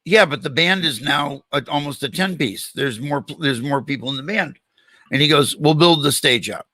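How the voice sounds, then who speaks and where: A man's voice: a little high, moderate pace, no echo. An older man hosting an interview, telling a long anecdote and acting out the dialogue in it. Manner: animated storyteller, acts out quoted dialogue. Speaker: podcast host. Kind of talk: storytelling in a casual interview.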